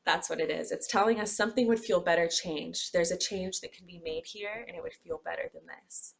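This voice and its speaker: A woman's voice: on the low side, fairly quick, gravelly. A woman giving a classroom lecture, talking expressively and acting out examples with sighs and groans.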